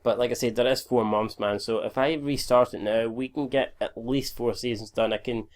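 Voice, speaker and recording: Sweary tired gamer lad. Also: male voice, medium pitch, fairly even intonation, moderate pace. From Scotland. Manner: sweary, chatty, stumbles over words. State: tired, recording at five in the morning. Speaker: gaming YouTuber. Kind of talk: casual gameplay commentary.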